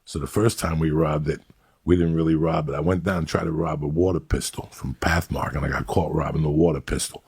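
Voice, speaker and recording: A man's voice: a bass voice, a little fast. A middle-aged man telling street stories in casual podcast chat, acting out the voices of people in them. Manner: gravelly, animated street storyteller acting out voices. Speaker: podcast host. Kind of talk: casual storytelling.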